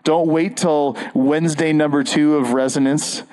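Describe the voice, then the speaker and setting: A man's voice: fairly high pitch, steady tone, normal speed, a little mellow, rough recording. A man preaching an earnest, conversational sermon as a pastor, often restarting his phrases.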